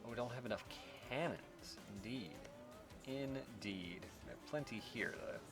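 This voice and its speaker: A man with a mid-range, expressive voice talks at a normal speed while playing a strategy game for a let's-play. He mutters wryly to himself in casual commentary, breaking into sudden exasperated outbursts, with game music in the background.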